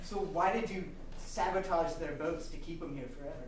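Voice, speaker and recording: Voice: medium pitch, moderate pace. Improv performer firing questions, very echoey, far off, noisy. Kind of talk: improvised comedy scene. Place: live theatre stage. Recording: very echoey stage heard from far off with noise.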